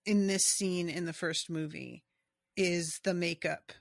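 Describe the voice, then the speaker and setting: A woman's voice: fairly low pitch, fairly even intonation, a little slow, gravelly, no echo, clean studio sound. A woman co-hosting a podcast, chatting casually and frankly and swearing now and then. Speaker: podcast co-host. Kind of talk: casual chat.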